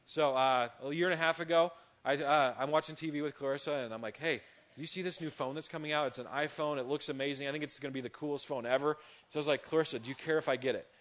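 A man, a youth pastor, giving a sermon full of lively, funny personal stories. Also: a little high, fast. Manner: lively storytelling, animated and humorous.

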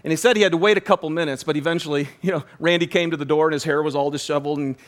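Animated storytelling male pastor, higher voice. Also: racing. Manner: animated, restarts and repeats words, laughs while telling. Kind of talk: sermon with storytelling.

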